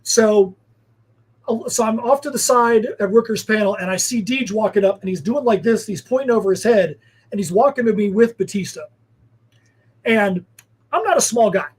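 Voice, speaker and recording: A man's voice: high voice, brisk, pauses often, breathy edge, poor audio. A man, a guest comic creator, telling rambling anecdotes in casual chat. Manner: rambling storyteller, filler-heavy.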